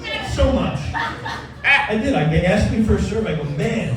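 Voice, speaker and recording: A man's voice: high voice, animated, moderate pace, a crowd in the background. An older man doing a wisecracking, rambling stand-up set and bantering with the audience. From Long Island. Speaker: stand-up comedian. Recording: roomy club sound from a distance, with music.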